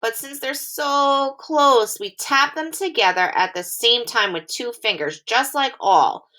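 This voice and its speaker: A woman teacher giving a phonics lesson to young children, speaking slowly and clearly in a sing-song way. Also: fairly high pitch, animated, bright, forceful tone.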